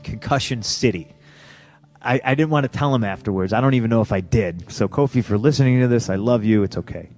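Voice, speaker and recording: A man's voice: medium pitch, a little fast, soft background music. A man in his thirties, a pro wrestler as a podcast guest, telling stories bluntly and with constant swearing. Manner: profane, blunt, animated when quoting others. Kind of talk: casual storytelling interview.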